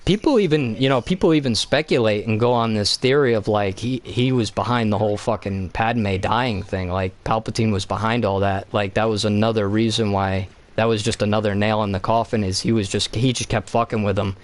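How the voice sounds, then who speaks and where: A man's voice: fairly low pitch, fairly even intonation, fairly quick, hardly any pauses. A man streaming a video game, rambling in casual chat with heavy swearing and lots of fillers.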